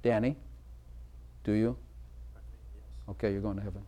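A man's voice: lowish voice, fairly even intonation, normal speed, mellow. A man preaching a sermon in a church, emphatic and asking the congregation direct questions. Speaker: pastor.

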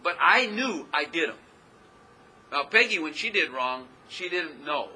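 A man's voice: a little high, animated, unhurried, sharp tone, breathy edge, rough recording. A man preaching a casual, rambling sermon as pastor, often laughing at himself as he talks.

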